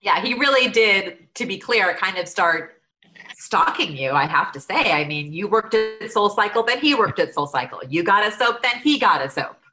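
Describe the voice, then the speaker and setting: A woman's voice: medium pitch, animated, normal speed, bright, forceful tone, soft background music. A woman co-hosting a podcast, asking questions in a playful, teasing way. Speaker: podcast co-host. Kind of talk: interview questions.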